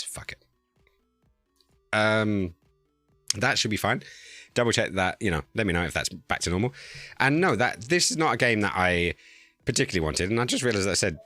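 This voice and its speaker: A man's voice: sits low, bright, forceful tone, no echo. A man streaming live, chatting casually and getting flustered while fixing his audio settings. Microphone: new desk microphone.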